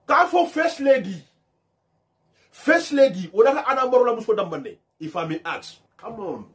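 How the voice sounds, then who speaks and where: Animated man ranting. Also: very high-pitched, normal speed. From Gambia. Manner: swings from shouting to hushed muttering, switches languages. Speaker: online commentator. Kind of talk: ranting monologue.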